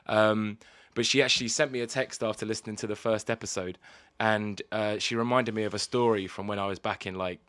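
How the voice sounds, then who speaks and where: A man's voice: lowish voice, fairly even intonation, fairly quick, few pauses, a bit bright, smooth. A young man co-hosting a podcast, telling rambling stories with lots of ums and restarts in casual chat. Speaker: podcast co-host.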